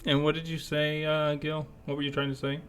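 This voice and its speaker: A man's voice: a little high, monotone, fairly quick, a bit bright, clean tone. A man narrating as game master, describing scenes and prompting players casually.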